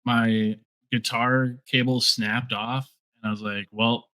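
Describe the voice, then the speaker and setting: Musician guy on a podcast, bright sharp voice, dry close sound, lots of uh and like. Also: medium pitch, level tone, slow pace, dry recording. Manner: laid-back, hesitant, lots of fillers. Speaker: musician guest. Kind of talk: casual chat.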